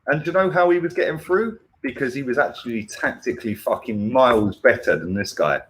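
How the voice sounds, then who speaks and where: A man's voice: mid-range voice, fairly quick. An angry man hosting a heated football chat, swearing and constantly tagging "yeah? right?" onto his points. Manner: ranting, swears, keeps asking "yeah? right?". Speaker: football fan channel host.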